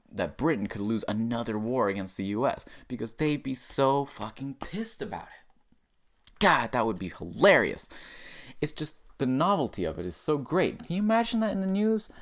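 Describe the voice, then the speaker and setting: Profane, animated man ranting sarcastically. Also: medium pitch. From United States. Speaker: comedy podcast host. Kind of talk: satirical rant.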